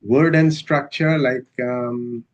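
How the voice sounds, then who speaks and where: A man giving a university lecture in a measured, hesitant way, with many filler sounds. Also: mid-range voice, fairly even intonation. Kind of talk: academic lecture. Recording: dull lo-fi recording.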